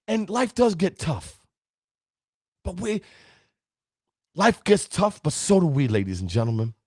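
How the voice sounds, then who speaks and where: A man's voice: a little high, very animated, unhurried, pauses often, darkish tone, no room sound, studio quality. Emotional motivational man on a livestream. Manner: emotional, preachy, greets viewers by name. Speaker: livestream host. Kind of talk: motivational live stream talk.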